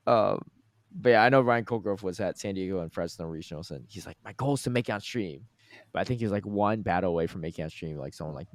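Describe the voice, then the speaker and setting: An American man with a deep voice co-hosts a casual podcast, reading out viewer comments and laughing easily. The recording is dry.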